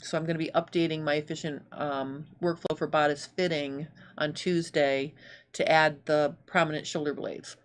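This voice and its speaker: A woman's voice: sits low, fairly even intonation, normal speed. A woman hosting a live sewing show, thinking aloud in casual chat and reading out viewer comments.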